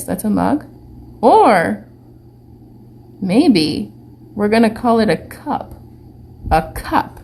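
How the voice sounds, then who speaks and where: A woman teaching young children in an online lesson, talking slowly with lots of questions and sounding out letters. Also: a little high, a little mellow, a little hiss or hum. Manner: slow, sing-song teacher talk with many questions. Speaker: preschool teacher.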